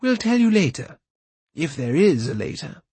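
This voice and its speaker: A man voicing an excitable male bard in an audiobook, with a husky, breathless manner and a pitch raised above his own narration. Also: normal speed, no echo. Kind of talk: audiobook character voice.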